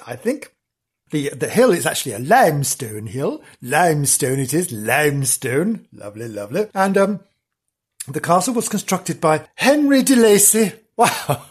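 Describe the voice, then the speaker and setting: A man hosting a podcast in a theatrical, giggly way, still husky after losing his voice. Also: fairly high pitch, sing-song, moderate pace. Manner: theatrical, giggly, swoops up on exclamations. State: recovering from lost voice. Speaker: podcast host. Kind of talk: camp chatty podcast hosting.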